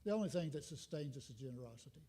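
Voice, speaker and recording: Older guy rambling through a folksy sermon, bit high voice, long church echo. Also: animated, rapid-fire, mellow. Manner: rambling, folksy, self-deprecating humor. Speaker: visiting minister. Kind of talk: informal sermon. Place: church sanctuary. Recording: long reverb from a church hall.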